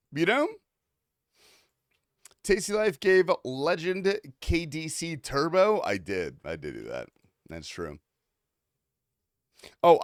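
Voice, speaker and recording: Man, casual livestream banter, profane and joking, animated pitch, dry mic. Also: no echo. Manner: joking, rambling, swears often, laughs a lot. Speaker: streamer.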